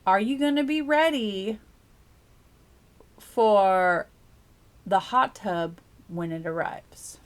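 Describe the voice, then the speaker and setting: A woman's voice: medium pitch, takes it slowly, pauses often. A woman giving a casual tarot reading, giggling often and rambling as she muses aloud. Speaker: tarot reader.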